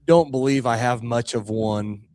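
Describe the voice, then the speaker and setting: A man's voice: medium pitch, measured pace, a little mellow, no echo. A man from Kansas with a faint Kansas accent, co-hosting a podcast in casual chat, rambling and correcting himself. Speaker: podcast co-host.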